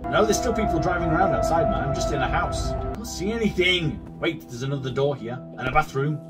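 In this let's play, a man's slightly high, lively voice moves a little fast as he commentates a horror game, swearing constantly and snapping back at it. He's a gaming video creator, recorded on a distant mic with faint game music underneath.

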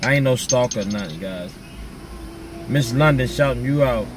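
A man's voice: mid-range voice, moderate pace, recorded from a distance. Laid-back man vlogger, casual slangy chat with viewers, a little off-mic, faint hum behind.

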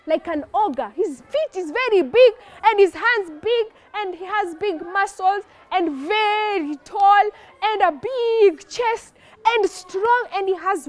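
A woman narrating a religious story for children in an animated way, often asking her listeners questions. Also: very high-pitched.

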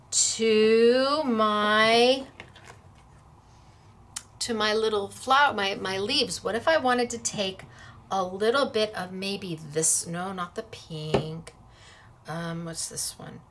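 A woman's voice: mid-range voice, fairly bright tone. A woman hosting a crafting class, talking in a chatty, playful way while she demonstrates.

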